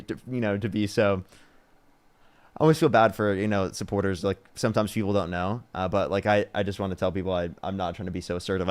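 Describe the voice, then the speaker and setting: Fast-talking male livestream debate host. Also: lowish voice. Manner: fast-talking, thanks donors, presses callers. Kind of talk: casual livestream chat.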